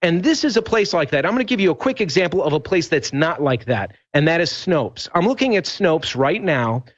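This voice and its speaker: A man's voice: a little high, big pitch swings, fairly quick. Emphatic man on a lo-fi broadcast. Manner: storytelling, emphatic and rambling with restarts. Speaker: radio host guest. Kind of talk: animated talk show conversation.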